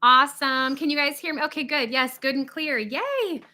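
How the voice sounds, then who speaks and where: A woman hosting a casual livestream from a cabin, chatty and excitable, talking without her usual podcast microphone. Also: sits high, normal speed. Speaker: livestream host. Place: indoors in a cabin. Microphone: not her usual podcast microphone.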